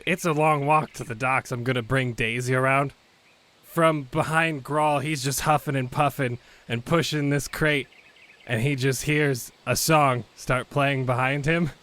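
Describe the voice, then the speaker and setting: A man's voice: medium pitch, fairly even intonation, a little slow, bright, forceful tone. A man playing a tabletop game, talking in a playful, joking way. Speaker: player. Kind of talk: casual tabletop game chat.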